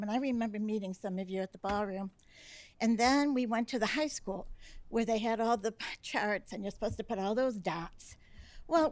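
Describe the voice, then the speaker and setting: A woman's voice: a little high, a little mellow, dry recording. A woman resident giving a rambling, earnest public comment at a city commission meeting, speaking into a podium microphone. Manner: earnest, rambling, a little emotional. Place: city council chamber.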